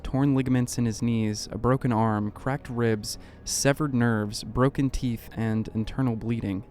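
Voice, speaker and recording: A man narrates a mystery documentary in a measured, suspenseful way, his voice sitting in an ordinary middle pitch. Faint music plays underneath. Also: a little mellow. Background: faint background music.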